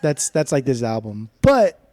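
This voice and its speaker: An animated podcast co-host, a man who swears freely and jokes as he talks about records. His voice sits a little high but sounds mellow. The recording is dry and close. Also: a little slow, no room sound. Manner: animated and profane, jokey. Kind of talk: casual music review chat.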